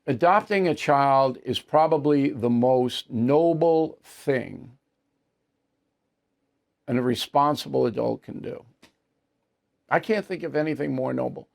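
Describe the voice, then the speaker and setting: A man's voice: mid-range voice, unhurried, creaky, pauses often, a little mellow. A man in his seventies with an American accent, hosting a news commentary show and answering viewer mail in a blunt, emphatic, dismissive way. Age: 70s.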